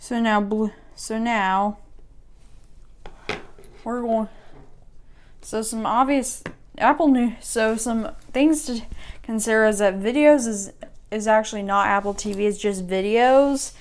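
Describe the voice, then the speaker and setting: A woman's voice: on the high side, takes it slowly, long pauses. A woman giving a casual tech walkthrough as a YouTuber, rambling and often restarting her sentences as she corrects herself.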